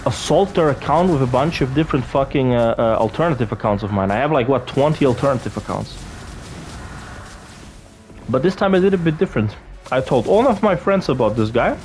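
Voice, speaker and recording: A young Austrian vlogger tells an angry storytime, ranting with profanity and indignation. His voice is medium-pitched and a little mellow.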